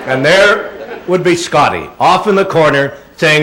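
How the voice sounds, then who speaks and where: An older man giving an animated, anecdotal talk to an audience, slipping into voices as he goes. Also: on the high side, normal speed, heavy background noise. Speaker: guest speaker. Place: auditorium presentation.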